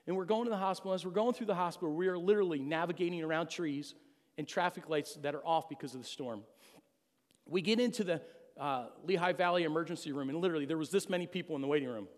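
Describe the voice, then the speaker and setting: A man's voice: a little high, quick pace. A middle-aged man giving an earnest, emotional personal testimony to a church congregation. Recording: long hall reverb.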